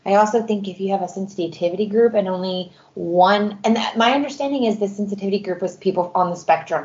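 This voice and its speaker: A woman's voice: lowish voice, fairly quick, darkish tone, highs cut off. A woman co-hosting a podcast, chatting casually and bluntly about books. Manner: blunt, opinionated. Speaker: podcast co-host. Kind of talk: casual book chat.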